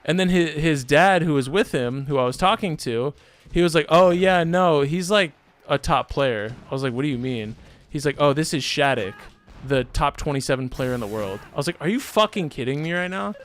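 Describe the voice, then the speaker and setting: A man's voice: medium pitch, moderate pace. A young man streaming from home, telling a story in a loose, rambling way with lots of fillers. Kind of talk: casual storytelling chat.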